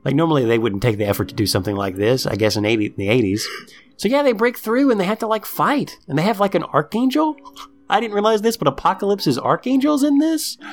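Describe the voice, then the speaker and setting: A man in casual chat, recapping a cartoon episode with lively storytelling and lots of "like", acting out the characters' lines. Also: high-pitched, quick pace. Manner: profane, lots of "like". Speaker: podcast co-host recapping a cartoon.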